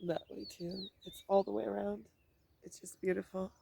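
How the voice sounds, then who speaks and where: A woman's voice: mid-range voice, fairly even intonation, normal speed, creaky, dark tone, a little hiss or hum. Tearful woman rambling through a personal monologue. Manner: rambling, repeats and restarts words. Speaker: spiritual vlogger. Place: outdoors at a scenic spot.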